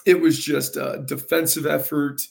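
Coach guy, super gravelly voice, talks kinda flat, stops and repeats himself. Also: on the high side. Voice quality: gravelly, carrying voice. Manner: earnest, halting, repeats words. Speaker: high school soccer coach. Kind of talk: casual interview.

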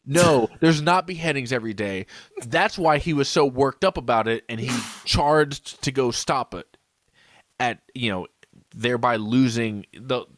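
A man's voice: medium pitch, a bit bright, dry recording. A man co-hosting a podcast in casual chat, rambling, laughing and hiccuping after drinking. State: hiccuping, drunk. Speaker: podcast co-host.

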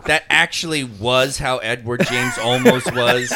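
A man's voice: mid-range voice, a little slow, background noise. A man co-hosting a podcast in casual chat, joking and laughing as he talks and asking probing questions. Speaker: podcast co-host.

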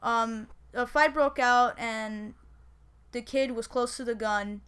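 A woman's voice: on the high side, slow, a bit bright, smooth. A woman co-hosting a podcast who retells a crime story in loose, profane casual chat and often trails off. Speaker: podcast co-host.

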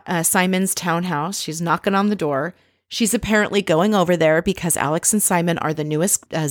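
A woman's voice: lowish voice, no room sound, clean studio sound. A woman hosting a casual reality show recap, chatty and wry, with frequent laughs. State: married.

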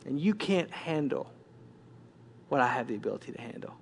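God speaking as a still small voice, put on by a preacher, stern, hushed, deeper than the preacher's own voice, slow and measured. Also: male voice, expressive, vocal fry, soft background music.

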